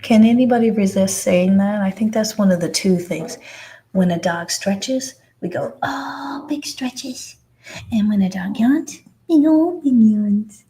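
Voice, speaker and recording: A woman hosting a puppy live cam in a gentle, affectionate casual chat, indoors with the puppies. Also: medium pitch, normal speed, echoey room, slight background noise.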